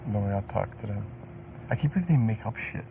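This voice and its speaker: A man's voice: fairly low pitch, expressive, brisk, gravelly, background noise. A young man, a reality show contestant, venting bluntly and swearing often. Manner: blunt and profane. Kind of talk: casual venting. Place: indoor house.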